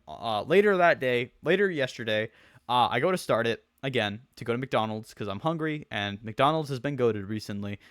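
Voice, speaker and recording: A man's voice: medium pitch, a bit bright, no echo. Young male streamer, mid voice, rambling slangy storyteller, dry close-mic sound. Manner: rambling, restarts, slangy, swears. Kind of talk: casual storytelling rant.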